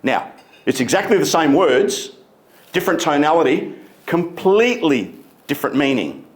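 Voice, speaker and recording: A man giving a motivational keynote speech on a conference stage, emphatic and deliberate, stretching key words. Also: on the high side, very animated. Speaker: keynote speaker.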